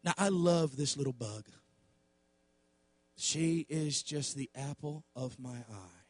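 A middle-aged man, a pastor preaching a sermon with passion, dropping to quiet asides and then rising to shouts. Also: on the high side, takes it slowly, no room sound.

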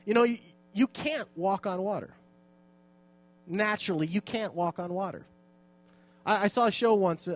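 A man teaching a Bible passage in a casual, joking and self-deprecating way, reading scripture aloud between his remarks. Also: high-pitched.

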